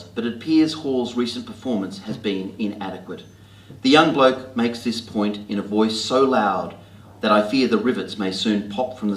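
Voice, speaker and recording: An Australian man reading his own comic writing aloud to an audience with a wry, deadpan, self-mocking delivery, in a library talk venue. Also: lowish voice. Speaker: author reading his work. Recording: roomy hall with faint ambience.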